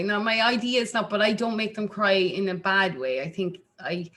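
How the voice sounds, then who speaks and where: An Irish woman from Ireland, a singer-songwriter chatting casually as an interview guest, animated and full of restarts. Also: moderate pace. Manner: animated, acts out quotes in a jumpy high voice, lots of restarts.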